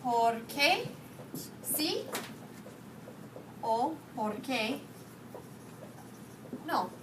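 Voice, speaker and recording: Woman Spanish teacher, slightly high-pitched, energetic with students; recorded from afar in a noisy classroom. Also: extremely slow. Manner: energetic, questioning students, mixing English and Spanish. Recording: distant mic, noisy classroom.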